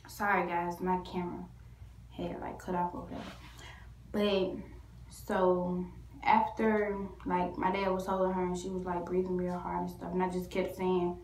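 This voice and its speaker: A woman's voice: lowish voice, level tone, normal speed, a little mellow, slight background noise. Rambling woman vlogger in an echoey room. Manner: rambling, full of "like" and restarts. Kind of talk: casual storytelling to camera.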